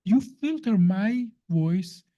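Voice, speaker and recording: A woman walks a listener through how the brain works, stressing her points and quizzing him as she goes. Her voice is deep, dark and mellow in tone. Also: lively intonation, takes it slowly, dull audio. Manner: emphatic, teacherly, asks the listener questions. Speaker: science guest explaining the brain. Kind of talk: explanatory conversation.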